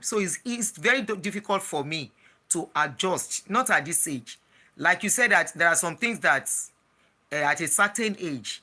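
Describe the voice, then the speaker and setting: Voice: medium pitch, pushed and bright. An adult with a Nigerian accent telling a personal story in a casual vlog, chatty and slipping into Pidgin, with frequent restarts. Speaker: travel and lifestyle vlogger.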